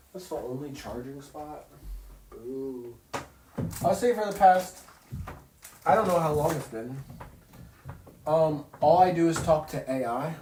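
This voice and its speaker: A man's voice: fairly high pitch, a little mellow, slight background noise. Rambling, profane man streaming from his bedroom. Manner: rambling, profane, slangy, makes zooming sound effects. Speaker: livestreamer. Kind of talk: casual livestream monologue. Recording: roomy echo.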